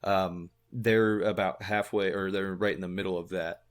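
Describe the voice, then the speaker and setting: A man narrating a tabletop game as game master, slow and halting with many fillers. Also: sits low, steady tone.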